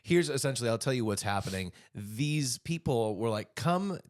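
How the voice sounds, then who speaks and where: A man's voice: mid-range voice, normal speed. A man co-hosting a podcast in casual chat, telling stories with frequent asides. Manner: animated storytelling with frequent asides. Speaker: podcast co-host.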